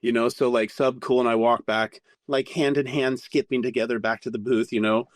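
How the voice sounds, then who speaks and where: A man telling a candid story as a podcast guest, animated and full of swearing. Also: mid-range voice, normal speed, no room sound, studio quality. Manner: profane, animated anecdote-telling.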